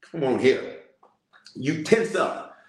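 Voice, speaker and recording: A male bishop preaching in a lively storytelling way and calling out to his listeners. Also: on the high side, takes it slowly, reverberant. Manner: storytelling, animated, calls out to listeners. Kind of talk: sermon-style prayer message.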